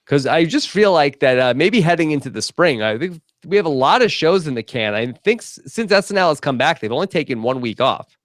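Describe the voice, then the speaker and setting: A man's voice: a little high, very animated, a little fast, no room sound, clean studio sound. A man hosting a podcast, chatting casually and steering the talk with easygoing asides. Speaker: podcast host.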